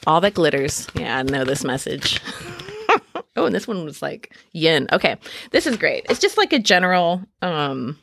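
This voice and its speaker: Chatty woman podcaster, low voice, dry sound. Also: very animated, normal speed, gravelly, a bit bright, no echo. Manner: chatty and self-deprecating, laughs often, lots of ums and likes. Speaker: podcast host doing a tarot reading. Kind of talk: casual spiritual podcast monologue. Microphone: podcast mic.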